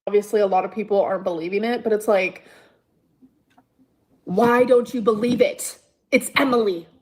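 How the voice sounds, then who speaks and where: A woman's voice: medium pitch, normal speed, a little mellow, husky. A woman on a livestream telling a grievance in an aggrieved, defensive way, repeating herself. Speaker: streamer in a played clip. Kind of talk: emotional livestream monologue.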